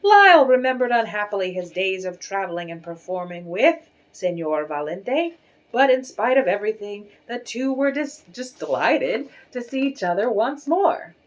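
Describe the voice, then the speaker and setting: A woman reading a children's picture book aloud with expressive, animated storytelling. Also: mid-range voice, normal speed.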